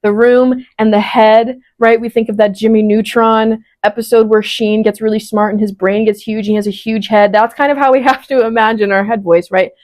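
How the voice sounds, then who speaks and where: Woman, 20s, voice teacher; encouraging, step-by-step online lesson, slightly high voice. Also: steady tone, normal speed, few pauses, a little mellow. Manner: encouraging, explains step by step with frequent "right?" check-ins.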